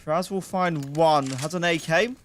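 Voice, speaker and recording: A man's voice: fairly high pitch, normal speed, background noise. A young man casting a live esports match, calling the play and chatting in joking asides. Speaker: esports caster.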